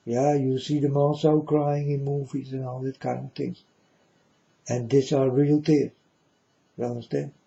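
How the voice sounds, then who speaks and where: A man's voice: medium pitch, little pitch movement, a little slow, creaky, dark tone, dull audio. A man giving a preachy monologue in broken, non-native English, emphatic and repetitive, often asking if the listener understands. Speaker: speaker addressing viewers.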